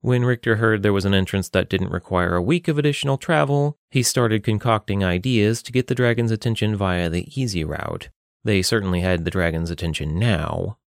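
A man reading a fantasy story aloud in a steady, measured way. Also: fairly low pitch, no echo, studio quality. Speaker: narrator. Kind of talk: fantasy audiobook narration.

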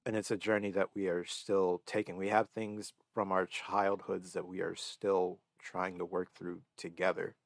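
A man's voice: deep voice, level tone, normal speed, gravelly, few pauses, no room sound, studio quality. A man in his twenties chatting earnestly on a podcast, sniffly and stuffed-up as if from crying. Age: 20s. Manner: earnest, emotional, reflective. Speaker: podcast co-host. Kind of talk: casual chat.

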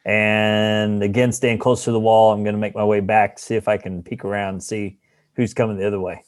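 Laid-back lower-voiced man playing a tabletop game. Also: flat delivery, fairly quick, dry recording. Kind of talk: casual in-character game talk.

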